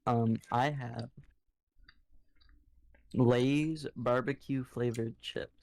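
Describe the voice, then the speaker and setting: A man co-hosting a podcast in casual chat, speaking in a dry, halting, unsure way. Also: medium pitch, fairly even intonation, a little mellow. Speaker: podcast co-host.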